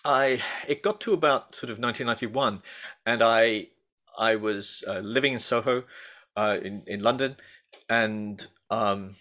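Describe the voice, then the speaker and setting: A man's voice: fairly low pitch, a little slow, bright, forceful tone. A middle-aged man talking as a guest in a casual interview, rambling and hesitant with many restarts and fillers. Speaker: guest, baker and food writer.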